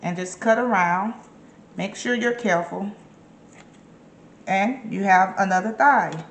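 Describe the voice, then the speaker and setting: A woman's voice: medium pitch, a little slow. Woman doing a chatty cooking vlog, keeps repeating stuff for emphasis, roomy kitchen echo, faint hum. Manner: chatty, encouraging, emphatic repetitions. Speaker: home cook and caterer. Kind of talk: casual cooking demonstration.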